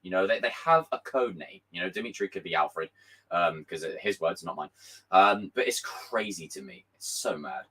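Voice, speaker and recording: A young man hosts a casual live stream, reading viewer messages in a hoarse, worn voice. His pitch swings widely as he gets excited, and he swears freely and sometimes breaks into shouts. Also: moderate pace, low-quality recording. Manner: animated, swearing, bursts into shouts.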